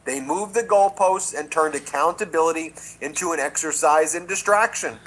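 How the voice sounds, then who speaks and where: Politician, man, high-pitched, combative and mocking public speaker. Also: normal speed, a bit bright, poor audio. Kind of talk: public speech.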